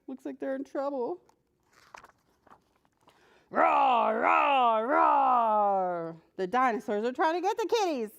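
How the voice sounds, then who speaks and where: With a high voice, a librarian who works with children shares a picture book with preschoolers. She addresses the story's characters, stays animated and playful throughout, and laughs frequently.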